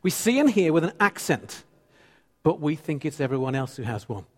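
A man's voice: a little high, sing-song, normal speed, slightly rough. Fifties male pastor, echoing church hall. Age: 50s. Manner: playful, teasing with the congregation, repeats phrases for emphasis. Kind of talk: sermon.

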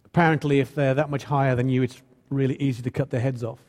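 A man's voice: medium pitch, level tone, fast talker, a little mellow. A man preaching a sermon in a church, earnest and building to emphatic repeated lines. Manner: earnest, rising to emphatic repetition. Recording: long hall reverb.

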